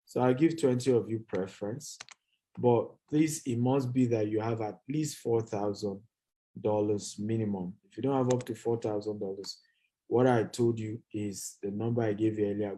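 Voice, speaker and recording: A man's voice: mid-range voice, mellow. A man hosting a live stream on investing, urging viewers to type their replies. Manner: urges viewers to type replies, hyping them up. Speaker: real estate company managing director hosting a live session.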